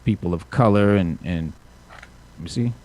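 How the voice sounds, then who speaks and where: Lowish guy rambling thru a comic recap, lots of um and you know, laid back chat. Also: normal speed, a little mellow. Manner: rambling, many fillers and restarts. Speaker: podcast host recapping comics. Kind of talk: casual chat.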